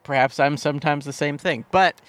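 A man's voice: a little high, fairly even intonation, brisk, a bit bright. A man co-hosting a podcast, chatting casually and sarcastically about movies, with crude jokes. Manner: sarcastic, crude, jokey impressions. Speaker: podcast co-host.

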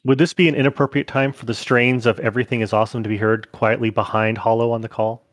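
A man's voice: mid-range voice, little pitch movement, quick pace, no echo, studio quality. A man playing a tabletop game who chats casually and throws in jokes. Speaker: player.

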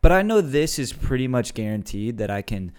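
A man's voice: mid-range voice, big pitch swings, a little fast, a little mellow, clean tone. A young man in casual conversation, reflective and earnest as he shares personal stories. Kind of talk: casual chat. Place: live stream studio.

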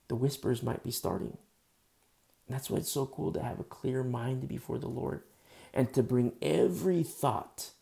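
A man's voice: mid-range voice, creaky, dark tone. A man preaching a conversational sermon in a casual, earnest way, full of fillers. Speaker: pastor.

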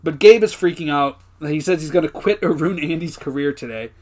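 A young man co-hosting a casual recap podcast, talking in an animated way, swearing, laughing often and acting out characters' lines. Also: a little high, a little fast. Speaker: podcast co-host.

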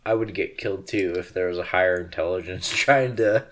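A man's voice: low-pitched, fairly quick, fairly bright tone. A young man from the Western United States, drunk, rambling and laughing as a podcast co-host. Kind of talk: casual chat.

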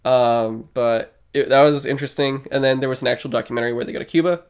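A man's voice: medium pitch, fairly even intonation, fast talker, clean tone. A man co-hosting a podcast in casual chat, rambling loosely with plenty of fillers and swearing. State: short of breath. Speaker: podcast co-host.

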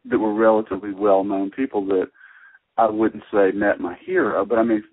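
Husky man telling lively stories. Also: on the low side, normal speed, dry recording. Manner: animated storyteller who laughs often. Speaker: podcast guest, musician. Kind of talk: casual chat. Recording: tinny phone line.

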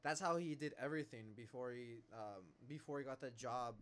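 A young man hosting a casual podcast chat, loose and profane, quick to joke. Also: mid-range voice, fairly bright tone, a little hiss or hum. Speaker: podcast host.

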